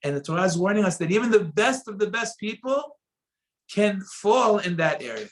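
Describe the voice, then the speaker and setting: A man giving a spoken Torah lesson, telling stories and acting out the quoted voices with sudden swings between loud and soft. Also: high voice, moderate pace, rough recording. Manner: animated, acts out quoted voices with sharp rises and drops in loudness. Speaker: rabbi teaching a Torah lesson.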